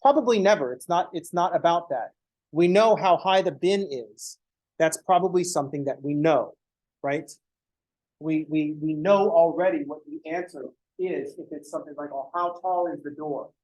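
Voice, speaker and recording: A man's voice: a little high, normal speed, darkish tone, rough recording. A man teaching math in a casual recorded lecture, joking and swearing freely.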